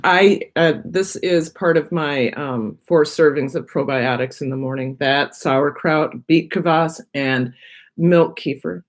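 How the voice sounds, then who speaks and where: Chatty low-voiced woman live-streaming. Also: slow pace. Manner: chatty, rambling, talks while eating. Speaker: vlogger on her own channel. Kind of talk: casual live-stream chat.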